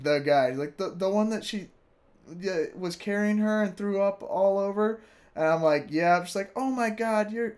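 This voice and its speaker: A young man telling a story casually, animated and profane, laughing often and acting out what people said. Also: on the high side.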